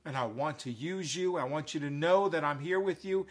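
Jesus, as a preacher puts him on: tender, reassuring. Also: male voice, fairly high pitch, normal speed, lightly acted. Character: Jesus, gentle reassuring grown man.

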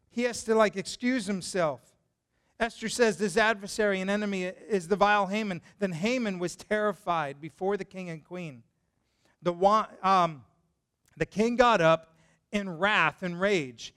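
A pastor preaching a sermon, animated and conversational, who asks his listeners questions as he tells the story. His voice is high for a man and smooth, with a resonant tone. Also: measured pace.

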